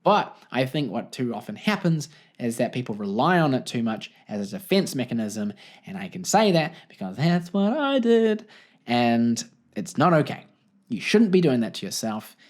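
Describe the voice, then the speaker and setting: A man's voice: medium pitch, very animated, normal speed. A young man with a New Zealand accent hosting a solo podcast, telling a story in a jokey, rambling way and laughing often. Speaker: podcast host.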